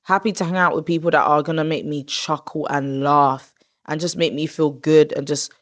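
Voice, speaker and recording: A woman in her twenties hosting a podcast in casual chat. She talks in an expressive, rambling way, with drawn-out groans of disgust. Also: sits low. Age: 20s. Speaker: podcast host.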